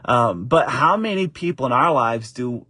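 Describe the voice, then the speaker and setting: A middle-aged man and father telling a casual story to camera, lively and encouraging, jumping up in pitch when he acts out what others said. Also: moderate pace, no room sound. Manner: animated, acts out quoted voices with high pitch jumps; encouraging, faith-based wrap-up. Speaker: father and faith vlogger.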